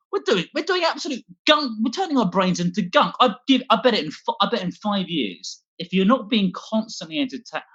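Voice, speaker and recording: A man's voice: sits high, a bit bright, slightly rough, highs cut off. A man doing a scattered, self-deprecating stand-up set from home, swearing a lot as he talks. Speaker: stand-up comedian. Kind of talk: rambling online stand-up set.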